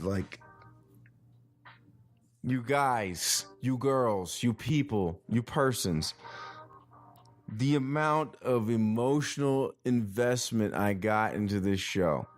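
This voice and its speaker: A man hosting a podcast in a rambling, excitable, profane casual chat. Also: fairly low pitch. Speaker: podcast host.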